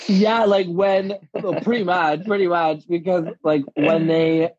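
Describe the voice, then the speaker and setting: Husky-voiced man telling an animated story. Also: high-pitched, a little slow, no echo. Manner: animated storytelling, acts out quotes, laughs often. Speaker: guest, drag performer. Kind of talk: casual interview chat. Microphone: live video call. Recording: dull lo-fi live-stream audio.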